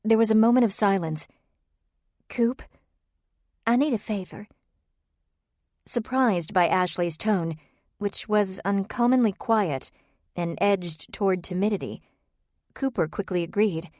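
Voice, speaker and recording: A woman narrates a novel for an audiobook in an even, measured storytelling style. Her voice is mid-range, and the recording is clean studio sound with no room sound.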